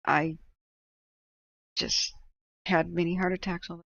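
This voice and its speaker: Gravelly low-voiced woman streamer. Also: steady tone, measured pace, a bit bright, dull audio. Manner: opinionated, chatty, laughs often. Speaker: livestream host reading chat. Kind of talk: casual livestream chat.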